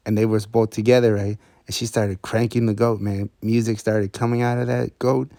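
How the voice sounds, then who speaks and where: A man's voice: on the low side, little pitch movement, normal speed, vocal fry, mellow, dry recording, studio quality. A man telling a casual story full of swearing and laid-back street slang.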